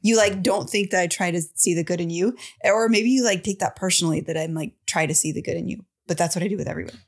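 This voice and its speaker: A woman's voice: lowish voice, quick pace. A woman in her forties co-hosting a podcast, questioning her husband in casual chat and laughing often. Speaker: podcast co-host.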